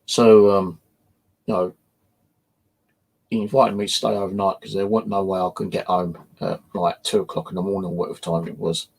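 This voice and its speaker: A man's voice: low-pitched, level tone, moderate pace, creaky, darkish tone, slightly rough. A man telling his own ghost story in a casual, rambling way, with many fillers and swearing. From England. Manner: rambling, full of "you know" fillers and swearing. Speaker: paranormal investigator and channel host. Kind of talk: casual first-person storytelling.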